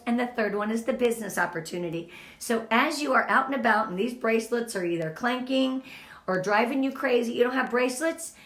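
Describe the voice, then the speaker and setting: Woman, middle-aged, team leader, heartfelt motivational pep talk, slightly high voice, echoey room. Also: a bit bright. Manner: earnest and emotional, speaks to the group directly.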